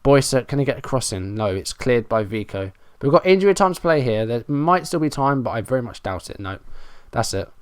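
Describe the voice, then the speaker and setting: A man's voice: medium pitch, expressive, fairly quick, few pauses, clear, resonant tone, no room sound, studio quality. Frustrated man narrating a match. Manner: running play-by-play, frustrated and self-mocking. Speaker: gaming YouTuber. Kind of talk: Let's Play commentary.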